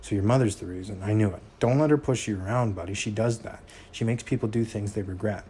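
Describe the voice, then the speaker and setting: A man's voice: fairly low pitch, quick pace, warm tone, slight background noise, natural voice. A man reading aloud, voicing a manipulative estranged father who turns cold and menacing. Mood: bitter. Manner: clingy, turning cold and menacing.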